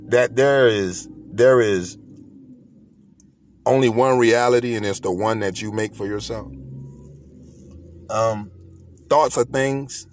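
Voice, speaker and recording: A man's voice: medium pitch, a little hiss or hum. A man hosting a podcast, delivering a motivational monologue in an emphatic, preachy way, repeating his points. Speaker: podcast host.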